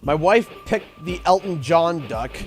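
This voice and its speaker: A man's voice: a little high, a little slow. A man chatting casually while livestreaming a game, rambling through stories with lots of laughter. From Canada. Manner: rambling, animated storytelling with frequent laughs. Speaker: gaming livestreamer. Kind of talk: casual chat while playing. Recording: game music clearly audible behind voice. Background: game music playing.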